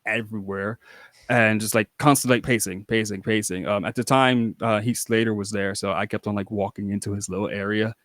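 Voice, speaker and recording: A man's voice: fairly low pitch, fairly even intonation, fairly quick, fairly bright tone, no echo, clean studio sound. A young man, a wrestler guest on a podcast, telling rambling, casual stories full of restarts and acted-out quotes. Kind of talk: casual storytelling.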